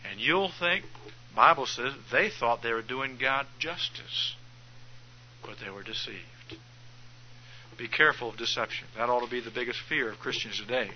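A man's voice: medium pitch, lo-fi sound, a little hiss or hum. A male pastor preaching a sermon, driving points home by repeating phrases.

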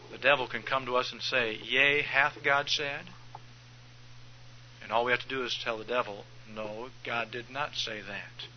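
A man's voice: mid-range voice, muffled recording, a little hiss or hum. A male pastor preaching a sermon, driving points home by repeating phrases.

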